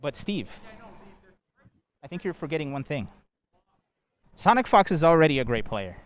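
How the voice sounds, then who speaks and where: A man's voice: on the high side, moderate pace. A man hosting a live fighting-game show from a convention floor, joking and a bit out of breath. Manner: energetic, joking, says he is out of breath. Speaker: host. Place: large indoor convention hall floor.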